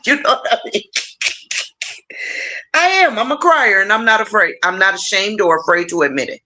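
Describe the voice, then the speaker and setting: A middle-aged woman hosting a casual livestream, warmly encouraging her viewers and talking to them directly. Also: moderate pace, pauses often. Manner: warm, encouraging, animated with big pitch swings; playful, addresses viewers directly. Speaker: livestream host.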